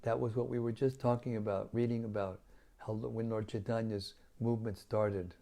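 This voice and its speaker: An older man with a raspy voice, speaking as a spiritual teacher in a gentle, humble, reflective way while chatting with listeners after a devotional reading on an online call. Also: on the low side, level tone, normal speed.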